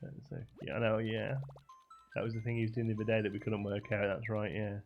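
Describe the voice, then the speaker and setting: A man's voice: lowish voice, flat delivery, fast, lo-fi sound, soft background music. A man hosting a casual livestream, easygoing and chatting back to viewer comments with frequent laughs. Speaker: livestream host.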